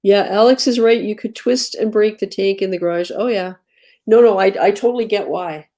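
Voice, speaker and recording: Mellow-voiced woman hosting a livestream. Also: mid-range voice, brisk. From Canada. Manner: chatty, laughs often, trails off softly. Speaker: livestream host. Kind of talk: casual chat.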